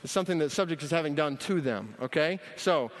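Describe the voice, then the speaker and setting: Man preaching, emphatic, repeats himself, slightly high voice, church sanctuary. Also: fast talker. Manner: energetic, emphatic, repeats key phrases. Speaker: pastor. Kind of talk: sermon teaching on Bible study. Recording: long hall reverb.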